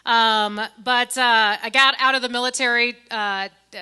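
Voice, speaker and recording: A woman's voice: on the high side, fairly even intonation, moderate pace, sharp tone, clear, resonant tone. A middle-aged woman from Indiana gives a keynote speech at a fundraising gala in a church hall, speaking into a handheld mic in a folksy, joking way and talking straight to the crowd. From Indiana, USA. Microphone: handheld microphone.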